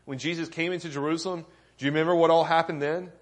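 A man's voice: fairly high pitch, fairly even intonation, fast. A man preaching a sermon as pastor, earnest and often asking the congregation questions, rising with emphasis at key points.

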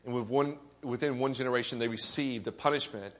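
A man's voice: mid-range voice, a little fast, a bit bright. A man preaching a sermon as pastor, earnest and often asking the congregation questions, rising with emphasis at key points.

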